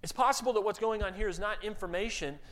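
Guy giving a sermon, kinda high voice, chatty, stumbles into sentences with repeats, acts out the quotes. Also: fast, fairly bright tone. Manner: conversational, repeats words when starting sentences. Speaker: pastor.

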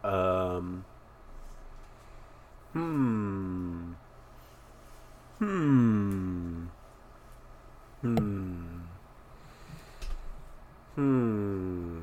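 A man's voice: on the low side, expressive, unhurried, pauses often, fairly bright tone, a little hiss or hum. A man in casual podcast chat, hesitant and mumbly, humming while he thinks. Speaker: podcast co-host.

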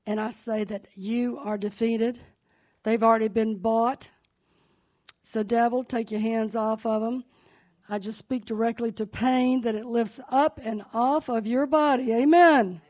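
A woman's voice: fairly high pitch, fairly even intonation, unhurried, a little mellow. A woman leading a church service, talking in a chatty, anecdotal way about her family's news and rising into fervent prayer in a sanctuary. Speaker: church leader. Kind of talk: conversational sermon with testimony.

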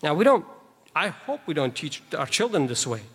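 A man's voice: a little high, very animated, moderate pace, a bit bright, breathy edge. Man preaching in a reverberant hall. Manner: emphatic, reads and explains scripture verses; conversational asides to the congregation. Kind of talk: sermon. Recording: long reverb of a large hall.

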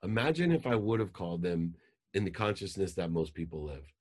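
A man's voice: low voice, big pitch swings, fairly quick, darkish tone, breathy edge. A man in his forties, a life coach telling a motivational story in an intense, emphatic way.

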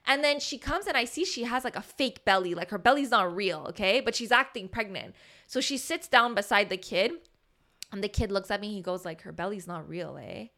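A woman, co-hosting a podcast and telling a story in a lively, swearing, casual way, acting out the people she quotes. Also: a little high, fairly quick. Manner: animated, swears, acts out quoted voices. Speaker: podcast co-host.

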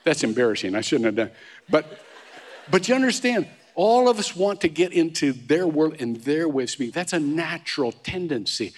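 A man's voice: on the high side, big pitch swings, moderate pace. A man pastor preaching a sermon, telling stories in a conversational way with frequent restarts and humorous asides. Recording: long reverb of a large hall.

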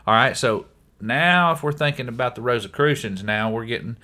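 A man's voice: mid-range voice, animated, normal speed, sharp tone. A man with a Southern US accent co-hosting a podcast in casual chat, often saying his co-host's name. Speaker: podcast co-host.

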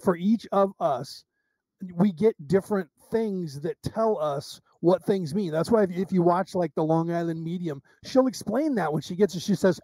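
A middle-aged man with a high, dark-toned voice tells anecdotes in a relaxed interview and acts out every line of dialogue with plenty of restarts. The sound is dry and close. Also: normal speed, no room sound. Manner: animated storyteller acting out quoted dialogue, with restarts. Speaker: psychic medium guest. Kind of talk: casual interview storytelling.

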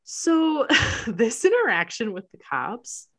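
Animated, laughing woman recapping a film. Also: a little high, slow. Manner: animated, laughs often, acts out characters' lines. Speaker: podcast co-host. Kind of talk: casual movie recap chat.

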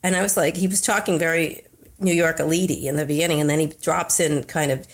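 A woman's voice: sits low, steady tone, fast talker. A woman born in Pennsylvania, talking bluntly and with strong opinions as a podcast guest. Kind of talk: casual conversation.

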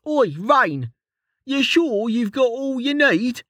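A man voicing a cheeky, joking male adventurer who teases in slangy, high-pitched talk. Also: sing-song, slow pace, fairly bright tone, no echo, studio quality, exaggerated voice. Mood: teasing.

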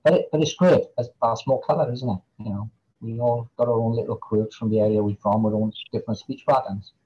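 A man's voice: mid-range voice, steady tone, brisk, slightly rough, muffled recording. A man with a Welsh Valleys accent, an author answering interview questions in a hesitant way, with lots of fillers and repeated words. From Wales. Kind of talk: casual interview chat.

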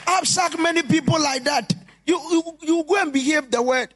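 A man preaching a sermon as pastor, impassioned and often shouting in a sing-song preaching cadence. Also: extremely high pitch, moderate pace, a little hiss or hum. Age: adult.

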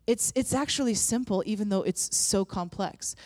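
A woman's voice: mid-range voice, moderate pace, a little mellow, dry recording, clean studio sound. A woman preaching a sermon and leading prayer in an earnest, conversational way, with frequent restarts. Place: church room with audience.

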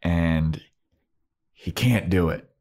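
A man co-hosting a podcast, recapping in a casual, animated storytelling way and swearing freely. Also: low-pitched, drawn-out words. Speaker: podcast co-host.

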